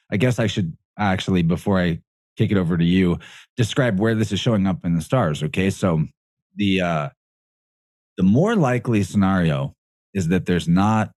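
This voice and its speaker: A man with a deep, low-pitched voice talks as a podcast guest, recorded close and dry. He explains in a loose, rambling way, stopping to correct himself and laughing between thoughts. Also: a little mellow, no room sound. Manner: rambling, self-correcting, laughs often mid-sentence. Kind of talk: casual podcast conversation.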